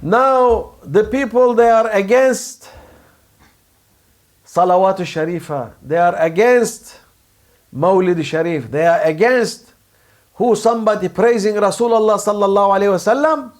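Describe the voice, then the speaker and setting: A man's voice: high voice, a little slow. A man preaching a sermon in simple, broken English, acting out angry voices to make his points. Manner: non-native English, simple broken grammar; animated, acts out angry ego voices. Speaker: Sufi preacher.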